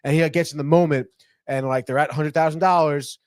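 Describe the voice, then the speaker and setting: A man's voice: on the high side, steady tone, brisk, smooth, dry recording, studio quality. Rambling, profane guy recapping a show. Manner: profane, rambling, says "dude" and "whatever" a lot. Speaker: podcast co-host. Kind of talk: casual chat, retelling a TV episode.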